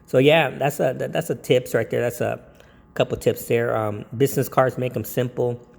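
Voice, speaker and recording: A man's voice: medium pitch, fairly even intonation, normal speed, vocal fry, long reverb tail. A man who works as a DJ, talking casually and a bit rambling as he gives tips, with lots of ums. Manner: rambling, with many ums and jokey put-on quotes. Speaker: DJ giving business tips. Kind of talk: casual talk to camera.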